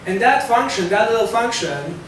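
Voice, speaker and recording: A man's voice: animated, moderate pace, a bit bright. A man giving a live technical talk to a room, loose and conversational, with fillers and self-corrections. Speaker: security talk presenter. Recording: echoey hall from far off, faint rumble.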